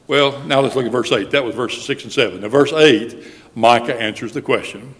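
Man, preacher, sermon, measured delivery, slows for scripture, reverberant church hall. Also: mid-range voice, fairly bright tone. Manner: measured, slows down when reading scripture aloud.

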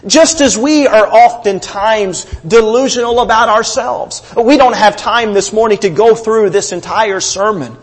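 A man preaching a sermon, rising for emphasis and dropping low at the ends of phrases. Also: husky. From United States. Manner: preaching with swelling emphasis and trailing low endings. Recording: long reverb of a large hall.

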